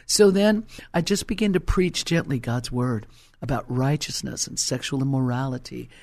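A man's voice: mid-range voice, moderate pace, vocal fry, darkish tone, no room sound. A male pastor preaching an impassioned sermon and telling stories to his congregation.

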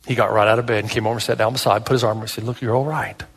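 A man's voice: on the low side, level tone, very fast, fairly bright tone, husky, in a large hall. A male pastor preaching a sermon, telling stories with animation and asking emphatic rhetorical questions.

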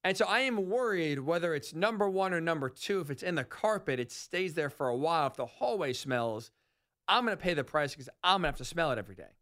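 Animated high-voiced sports radio man. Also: fast. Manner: animated, rambling, self-correcting.

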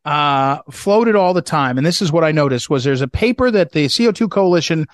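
A male talk radio host rambles through his questions, stacking fillers and restarts. His voice sits fairly high for a man, and the studio sound is dry and close. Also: animated, brisk, no room sound.

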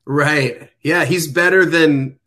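A man's voice: fairly high pitch, steady tone, takes it slowly, sharp tone. A man who leads worship, speaking as a guest on a faith podcast in an earnest, affirming way.

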